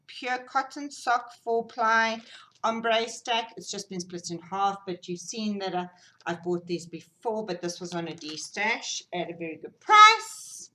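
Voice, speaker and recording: A South African woman hosting a knitting podcast, chatting casually and gushing excitedly over gifts and yarn, sometimes dropping to a whisper. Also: lowish voice, slight background noise, rough recording. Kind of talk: casual unboxing chat.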